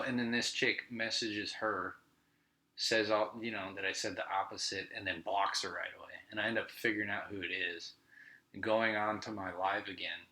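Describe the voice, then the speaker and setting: A man with a lowish, sharp-toned voice hosts a podcast, ranting through a casual, profane, rambling monologue full of stories. The recording is rough.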